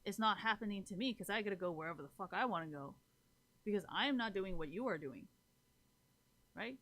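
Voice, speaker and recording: A woman's voice: medium pitch, animated, brisk, a bit bright. A woman livestreaming who talks bluntly to her viewers, rants, swears freely and keeps asking if they follow. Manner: keeps checking in with listeners. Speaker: live streamer. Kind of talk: casual talk to stream chat.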